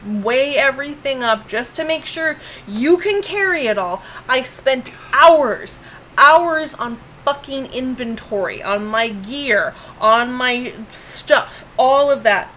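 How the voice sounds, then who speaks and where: A woman's voice: a little high, fairly bright tone, a little hiss or hum. A woman chatting casually as a guest, telling a story with lots of swearing, fillers and restarts. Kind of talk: casual chat.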